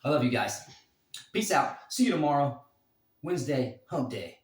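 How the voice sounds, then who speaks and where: A man in his forties rambles through a crude story, full of ums and asides. His voice sits at a middle pitch and sounds roomy, recorded some distance from the mic. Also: very animated, normal speed, long pauses. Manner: rambling, crude humor, many fillers. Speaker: vlogger, former bouncer. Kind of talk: casual storytelling.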